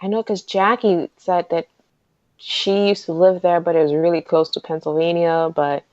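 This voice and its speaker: A woman guest co-hosting a fan podcast, excitable and rambling in casual chat. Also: fairly low pitch, dry recording, highs cut off. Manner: excitable, rambling, talks fast when excited. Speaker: guest co-host.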